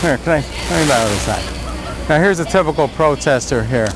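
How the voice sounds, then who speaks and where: A man's voice: a little high, animated, a little fast, very noisy. Impassioned older man speaking outdoors. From United States. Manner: impassioned, emphatic, repeats phrases. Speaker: citizen vlogger. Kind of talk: impromptu political speech. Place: outdoors in a city street by a protest. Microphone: handheld homemade video camera.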